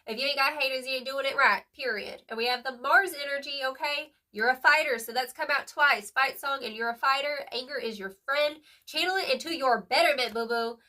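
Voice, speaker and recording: Bright-voiced woman chatting through a tarot reading. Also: high-pitched, brisk, few pauses, far from the mic. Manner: chatty, emphatic, lots of "like" and "period"; slangy, affectionate, calls the viewer "boo-boo". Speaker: tarot reader. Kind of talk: casual tarot reading to camera.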